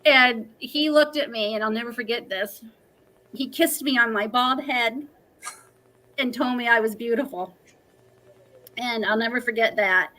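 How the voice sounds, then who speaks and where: A woman's voice: a little high, normal speed, long pauses, pushed and bright, rough recording. A woman in her forties, a livestream guest, telling a personal story in an earnest, emotional, talkative way.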